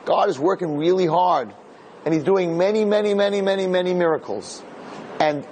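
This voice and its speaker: A man, a rabbi, telling an inspirational story to an audience in an animated way, repeating words for emphasis and mixing in Hebrew terms. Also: high-pitched, normal speed, a little hiss or hum.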